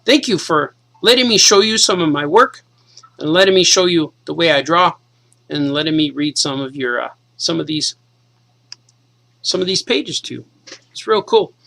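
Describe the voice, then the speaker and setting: Upbeat cartoonist man, high bright voice. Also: lively intonation, normal speed, creaky, poor audio. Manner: enthusiastic, casual, says "man" a lot. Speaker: cartoonist reading his comic. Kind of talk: casual read-aloud for kids.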